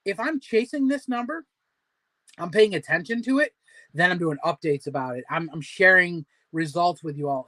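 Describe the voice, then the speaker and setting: This man in his forties has a high, slightly bright voice, captured in a dry recording. He hosts a casual livestream chat supporting weight loss, giving his viewers pep talks. His delivery rambles, is packed with fillers, and stays motivational.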